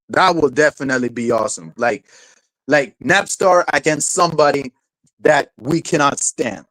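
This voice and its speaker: A man's voice: on the high side, lively intonation, normal speed, fairly bright tone, no echo, poor audio. A man streaming live, ranting in a rambling way, repeating words, filling gaps with "like" and "you know", swearing casually and laughing often. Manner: rambling, repeats words, heavy fillers like 'like' and 'you know'. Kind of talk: rambling livestream rant.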